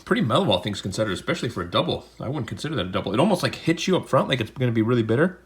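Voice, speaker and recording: A man's voice: medium pitch, big pitch swings, very fast. A man hosting a casual unboxing video, chatting in a rambling way with jokey asides from a home room with a desk camera. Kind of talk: casual unboxing and beer tasting chat.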